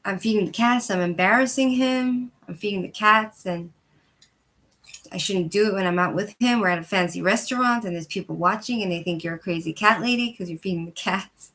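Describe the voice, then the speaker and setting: A channel host in her thirties tells a personal story in casual chat, speaking briskly in a medium pitch. She's animated and rambling, uses lots of fillers, and laughs between sentences.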